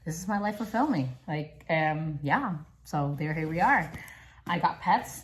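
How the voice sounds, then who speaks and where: A woman filming a casual unboxing vlog at home, chatty and gushing with excitement. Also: low-pitched, measured pace, poor audio. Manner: gushing, excitable, squeals and gasps. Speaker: vlogger unboxing a package. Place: home, filming with pets nearby.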